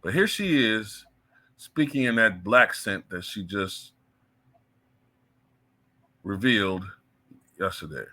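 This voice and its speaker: A man's voice: on the low side, animated, slow pace, long pauses, sharp tone. A man giving blunt, heated opinion commentary as the channel's host, cursing freely. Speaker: political commentator.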